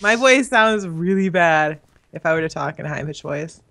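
A woman's voice: sits low, lively intonation, moderate pace, a bit bright. A woman in casual game chat, organizing the group and laughing often. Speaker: gamer.

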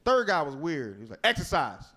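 A man performs live stand-up in a comedy club, his fairly high voice moving fairly quickly. His storytelling is profane, crude and animated, mixed with crowd work.

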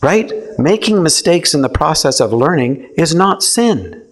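A man's voice: a little high, sing-song, measured pace. A man speaking to a live audience in a casual, conversational way, often checking in with listeners and acting out quoted lines. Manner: conversational, asks the audience questions, acts out quotes. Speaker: speaker teaching a theology session. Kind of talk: informal talk to a live audience.

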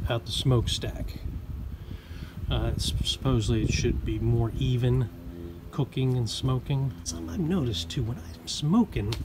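Easygoing man explaining outdoor smoking. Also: medium pitch. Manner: easygoing and chatty, explaining step by step. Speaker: home cooking video host. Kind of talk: casual cooking demonstration. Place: outdoors by a backyard smoker. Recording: outdoor recording with noticeable background noise.

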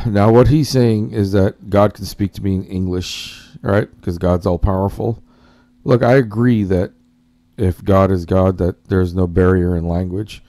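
Guy with a low mellow voice doing a loose reaction commentary, keeps saying guys, dry close sound. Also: fairly even intonation, a little slow, dry recording. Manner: rambling, addresses viewers as guys; searching for words, self-correcting. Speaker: commentary host.

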